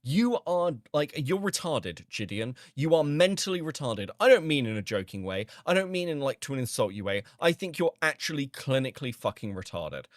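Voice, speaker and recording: A man's voice: medium pitch, very animated, moderate pace, few pauses, dry recording, clean studio sound. Furious swearing man reacting. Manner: exasperated, swearing, incredulous laughter. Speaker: stream host reacting to a video. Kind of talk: angry reaction commentary.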